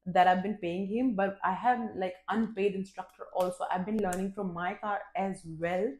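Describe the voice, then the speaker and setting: A woman vlogger telling a personal story in a candid, expressive, casual way, swearing freely and poking fun at herself. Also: mid-range voice, moderate pace. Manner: candid and expressive, with frequent swearing and self-mocking humor. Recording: roomy echo.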